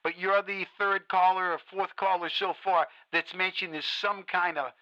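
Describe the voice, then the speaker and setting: A calm male talk radio host, played by an actor, soothes a caller with hesitant, reassuring words. His voice is high and very bright. The sound comes through a dull, muffled radio. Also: moderate pace.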